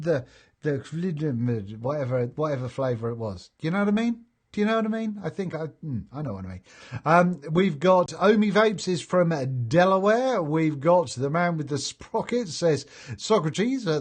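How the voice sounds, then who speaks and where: A man's voice: on the high side, slightly rough. Chatty man reading live chat. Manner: chatty and jokey, laughs often, many fillers. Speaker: host of a live vaping stream. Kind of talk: casual live-stream chat, reading viewer comments aloud.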